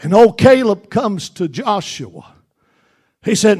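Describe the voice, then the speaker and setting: Fervent preacher with a high voice. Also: male voice, lively intonation, slow pace. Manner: fervent, repetitive preaching that builds to shouts. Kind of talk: sermon.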